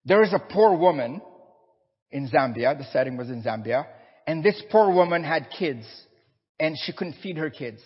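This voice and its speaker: A male preacher tells a story in a sermon with a husky, fairly high voice. He is recorded in a church hall that gives long echoes and a dull, muffled sound. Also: normal speed. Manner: animated storyteller.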